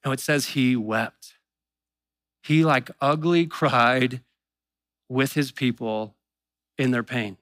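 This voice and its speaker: A man preaching a sermon in a relaxed, conversational way, acting out the doubts of believers in quick asides. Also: medium pitch, no room sound. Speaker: pastor.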